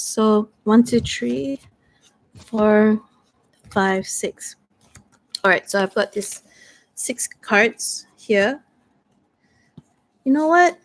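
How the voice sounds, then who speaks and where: A woman playing through a solo tabletop story game, thinking aloud hesitantly as she reads tarot cards. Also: fairly high pitch.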